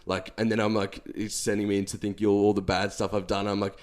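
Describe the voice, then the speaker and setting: A man's voice: fairly low pitch, level tone, fast talker, a little mellow. A young man, co-hosting a podcast and telling a long self-deprecating story in casual chat with lots of fillers. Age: young adult. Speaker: podcast co-host.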